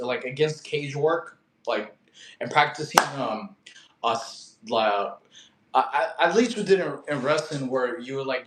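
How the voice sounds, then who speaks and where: Young male fitness streamer, raised in Russia, rambling and slangy, fairly high voice, echoey room sound. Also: a bit bright. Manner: loose, slangy, many fillers and restarts. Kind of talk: casual live-stream chat reading viewer questions.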